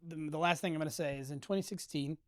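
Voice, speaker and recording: A man's voice: fairly high pitch, fast, no echo, clean studio sound. A young man cohosting a casual podcast, joking and rambling with frequent laughs. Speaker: podcast co-host. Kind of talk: casual chat.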